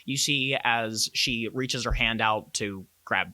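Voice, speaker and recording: A man narrating a tabletop role-playing game as game master, describing scenes with quick, loose phrasing and fillers. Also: mid-range voice, sharp tone, no echo.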